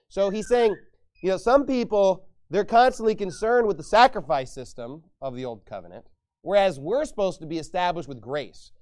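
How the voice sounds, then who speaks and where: A man preaching a sermon as pastor, emphatic, getting loud on his sarcastic points. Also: on the high side.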